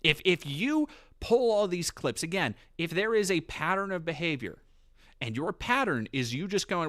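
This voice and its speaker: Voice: medium pitch, animated, a bit bright. A streamer ranting heatedly and profanely on their stream. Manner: profane, heated, fast rant. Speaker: commentary streamer.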